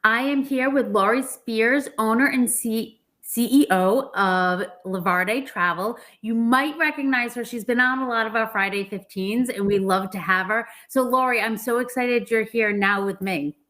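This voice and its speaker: A woman's voice: a little high, normal speed, hardly any pauses, fairly bright tone. A woman with a Boston accent hosting an online interview, bubbly and eager. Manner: bubbly, apologetic. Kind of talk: webinar interview.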